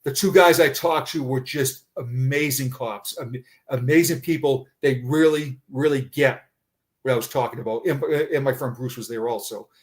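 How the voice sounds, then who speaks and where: Speaking in a mid-range voice, a middle-aged man who used to be a police officer recounts something from his own life during a conversation, stumbling and repeating words frequently.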